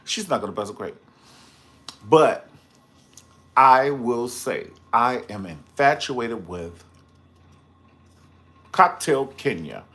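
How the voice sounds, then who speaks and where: Man, live-stream gossip reviewer: sassy, theatrical, very expressive pitch, chats with the audience between takes. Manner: sassy, dramatic and gossipy, full of slang asides; chats with viewers in the live comments. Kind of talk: casual live-stream commentary.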